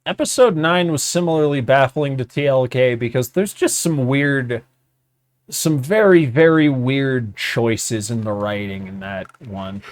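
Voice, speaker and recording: A man's voice: measured pace, no room sound. A man in casual gaming-stream chat with a friend, rambling, swearing and laughing often between sentences. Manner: animated, jumps up and down in pitch.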